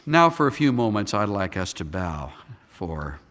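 A man preaching a sermon as a pastor, dramatic, swinging between loud emphasis and hushed near-whispers. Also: low voice, sing-song, a little slow. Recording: long hall reverb.

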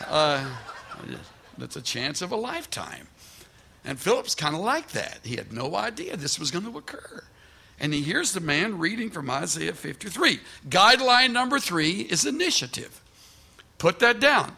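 Guy preaching a sermon, kinda high bright voice, acts out the stories. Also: creaky. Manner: animated storytelling with quoted voices and restarts; preaches from a scripture passage. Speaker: pastor.

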